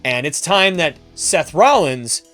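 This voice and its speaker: A male podcast host narrating a wrestling storyline in an animated, emphatic way. His somewhat high voice rises and falls a lot, with faint music playing underneath. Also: takes it slowly.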